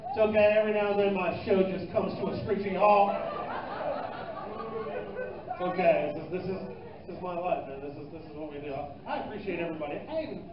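A man's voice: sits high, fast, pauses often. A man doing a stand-up comedy set, loose and profane, teasing the crowd in a live club. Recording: echoey, distant, muffled club recording with noise.

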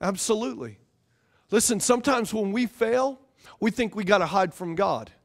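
At a normal speed, a male preacher with a light, high-pitched voice delivers his sermon. He's animated and informal, hammering home important phrases by repeating them.

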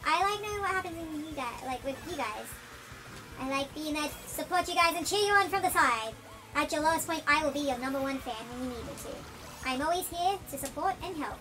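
A gaming channel host giving chatty, excitable let's-play commentary, their voice run through a chipmunk pitch-shift effect. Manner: chatty, excitable, quick to shout at the game. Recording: voice over loud game music. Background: game music.

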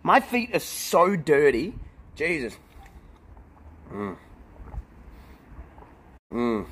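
Another poolside stream, with a young man casually addressing his viewers and frequently breaking into laughter. He speaks in a fairly high, sing-song voice, extremely slow, with a fairly bright tone and a breathy edge.

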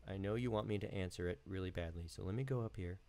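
Male live-stream host with a low voice, laid-back and meandering, from home. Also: quick pace, vocal fry. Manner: relaxed, rambling, with many fillers. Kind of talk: casual live-stream chat.

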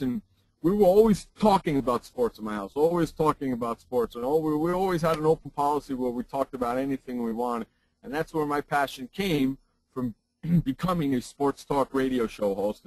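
A man's voice: medium pitch, no echo, rough recording. A man who hosts a sports talk radio show, giving a seminar presentation on broadcasting and repeating his points for emphasis into his own broadcast microphone.

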